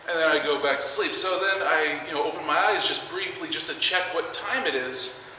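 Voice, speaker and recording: A man's voice: fairly high pitch, fairly quick, pushed and bright, very echoey, long reverb tail, recorded from a distance, slight background noise, low-quality recording. A man in his twenties doing stand-up, rambling through a story with lots of fillers. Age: 20s. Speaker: stand-up comedian. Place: large theater stage.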